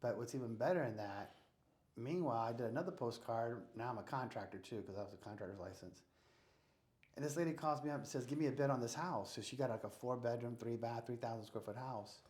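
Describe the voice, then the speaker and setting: This fast-talking American man with a mid-range voice is a real estate investor guest in a casual interview, animatedly telling stories and performing the dialogue. There's a roomy echo on the recording.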